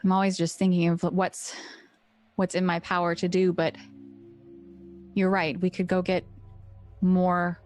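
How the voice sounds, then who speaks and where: A woman's voice: lowish voice, flat delivery, measured pace, long pauses, a little mellow, faint music behind, natural voice. A woman voicing an earnest, determined young caregiver in a tabletop game, speaking from the heart.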